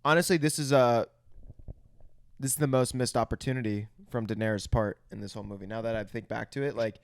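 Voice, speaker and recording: A man's voice: medium pitch, fairly even intonation, fairly quick, no echo. A man co-hosting a casual movie review podcast, rambling and restarting his sentences. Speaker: podcast co-host.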